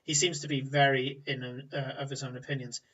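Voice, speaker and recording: A man's voice: mid-range voice, little pitch movement, brisk, a bit bright, muffled recording. Rambling game master man, distant sound. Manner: rambling, hesitant, filler-heavy. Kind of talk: narrating a tabletop game.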